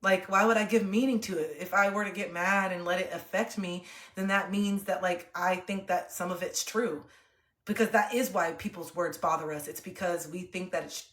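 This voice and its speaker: A young woman livestreamer talking to her chat in a calm, earnest, open way. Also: lowish voice. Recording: roomy echo.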